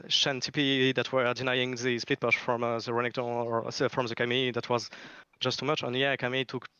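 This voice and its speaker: A man with a French accent explaining a game plan in a halting way, stopping often on fillers and restarts. His voice is smooth and clean, yet the sound is dull and lo-fi, like a call line. The room is dry. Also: mid-range voice, level tone, bright, forceful tone, no echo. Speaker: esports team member interviewed after a match. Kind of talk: post-match interview talk.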